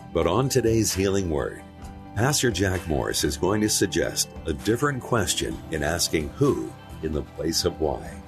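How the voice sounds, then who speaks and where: Low male announcer, expressive scripted intro over clear music. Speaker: program announcer. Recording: music bed behind voice.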